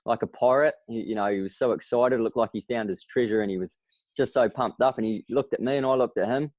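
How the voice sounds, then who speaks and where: A man with a New Zealand accent, a podcast guest, telling stories in a lively way and acting out the voices of the people he quotes. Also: mid-range voice, quick pace, no echo. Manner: animated storyteller, acts out quoted voices. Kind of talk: casual interview.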